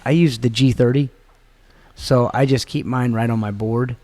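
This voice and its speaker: Man, podcast host, casual gear chat, jokey, laughs a lot, mid pitch. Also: steady tone, moderate pace, dark tone. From United States.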